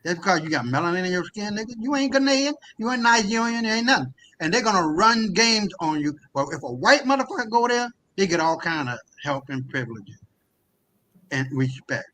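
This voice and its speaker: A man from the United States delivers a fiery, impassioned rant, swearing freely and pushing his voice up toward a shout. His voice sits high for a man. It has a bright, sharp edge. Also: sing-song, a little fast, rough recording. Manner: impassioned, profane, often raising his voice to near shouting. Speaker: guest on a discussion call. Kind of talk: heated ranting talk.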